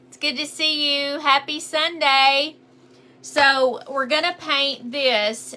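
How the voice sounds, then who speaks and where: On a livestream, a painting instructor with a Southern accent runs a casual live painting tutorial, chatting away and greeting viewers by name. Her voice is high and bright, recorded on a phone on a mount.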